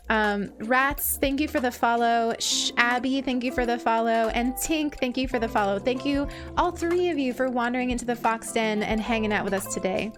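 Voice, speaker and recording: Woman streamer, high-ish voice, gushing casual chat, faint music behind. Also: normal speed, hardly any pauses. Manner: gushing, thanks viewers with many fillers.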